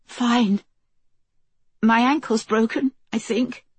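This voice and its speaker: A woman's voice: a little high, steady tone, slow, slightly rough, no room sound, voice pushed up, exaggerated voice. Woman doing a hurt, defiant wife. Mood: strained. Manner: hissing, strained, defiant. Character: injured, defiant young wife.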